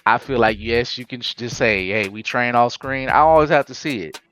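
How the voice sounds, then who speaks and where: A man hosting a casual anime podcast, telling it in an animated, slangy way with frequent laughs. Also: medium pitch, a little fast, smooth, faint music behind. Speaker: podcast host.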